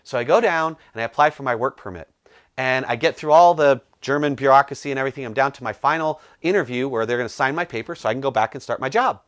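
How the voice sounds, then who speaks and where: A middle-aged man from the United States, a business coach telling a personal story to camera and acting out the dialogue in lively bursts. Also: quick pace. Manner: animated, acts out dialogue with rising pitch.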